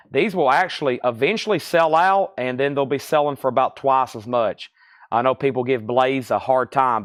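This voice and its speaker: A man's voice: medium pitch, no echo, studio quality. A man hosting a live-stream record sale, reading out albums and prices in a chatty, rambling sales patter. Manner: chatty, reads prices, rambles between items.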